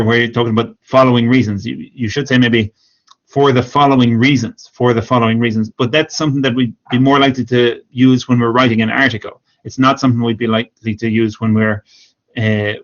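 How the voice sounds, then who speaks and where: A man teaching English online, giving patient, encouraging feedback to students and repeating corrections slowly. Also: medium pitch. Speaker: English speaking teacher, former exam examiner. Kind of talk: live-streamed speaking feedback. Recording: dull lo-fi stream audio.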